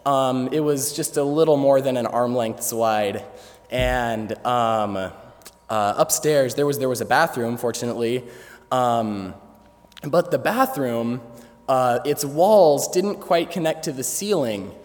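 A student in his young adult years shares an amusing story with an audience in a big hall, laughing at himself and leaning heavily on fillers. He takes it slowly in a darkish, mid-range voice, and the recording carries the hall's echo and faint ambience.

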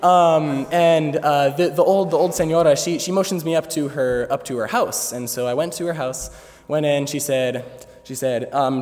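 A man's voice: on the high side, normal speed, a little mellow. A young man telling a funny story to an audience, hesitant with many fillers, laughing along. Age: young adult. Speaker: student speaker. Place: large hall before an audience. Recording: echoey hall, faint ambience.

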